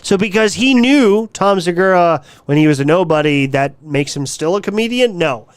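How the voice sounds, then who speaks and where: A man's voice: sits high, expressive, moderate pace, clean tone, no echo. A man hosting a live stream, trading crude, profane taunts with a guest. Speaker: stream show host.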